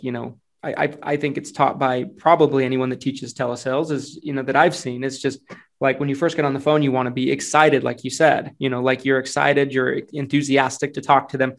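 A man hosting a podcast, talking casually about phone sales in a relaxed, loose way with lots of fillers. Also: medium pitch, a little fast. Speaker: podcast host and insurance sales agent.

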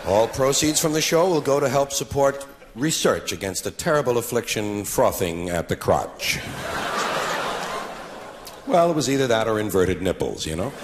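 A man's voice: mid-range voice, sing-song, brisk, hardly any pauses. A man in his forties performing a stand-up comedy routine on a live stage, sardonic with mock-solemn asides. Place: live stage before an audience. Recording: noisy live recording.

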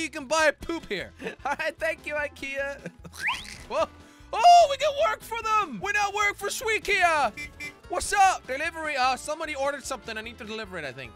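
Young male gaming host, high and lively, jokey and excitable, soft game music underneath. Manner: excitable, jokey, frequent laughs and shouts. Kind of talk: game commentary.

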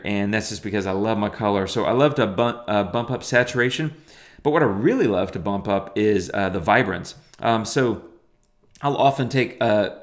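A middle-aged man teaching photo editing in a chatty, enthusiastic way, full of fillers. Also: lowish voice. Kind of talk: casual software tutorial.

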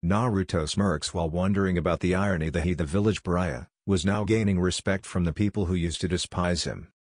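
A man reading a fan fiction story aloud in a flat, steady narration. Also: sits low, a little fast, no echo, clean studio sound.

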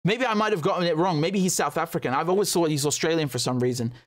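Indignant man doing news commentary, sarcastic, stammers and restarts, voice a touch high. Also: fast talker. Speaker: commentator reacting to news clips. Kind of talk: casual political commentary.

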